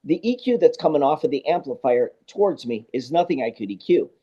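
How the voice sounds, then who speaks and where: A man, a guest sound engineer, telling stories in a casual interview, animated and acting out both sides of conversations. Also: on the high side, fairly quick, husky. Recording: dull lo-fi podcast audio.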